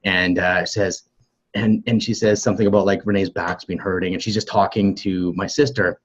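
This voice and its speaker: A man co-hosting a relationship coaching podcast, telling lively stories and acting out other people's lines. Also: low-pitched, normal speed, breathy edge, highs cut off. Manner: animated storyteller acting out quotes. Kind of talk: live coaching conversation.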